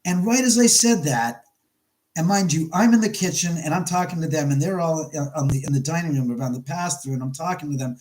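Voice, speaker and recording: A man's voice: on the high side, brisk, a little mellow, a little hiss or hum, rough recording. A man hosting a casual live stream from his home, rambling and stopping to greet viewers by name. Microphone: camera mic on a live stream.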